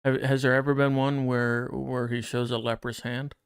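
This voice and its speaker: Gravelly-voiced man hosting a casual podcast. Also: medium pitch, flat delivery, moderate pace. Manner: chatty, prone to tangents, reads scripture aloud. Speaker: podcast co-host. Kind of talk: casual chat and Bible reading.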